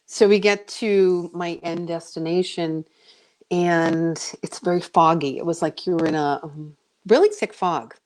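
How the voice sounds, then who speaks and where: Middle-aged lady on a radio show, lowish voice, chatty and animated, lots of ums and likes, acts out her own lines. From United States. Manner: chatty with many fillers. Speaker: psychic medium guest. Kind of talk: radio interview storytelling.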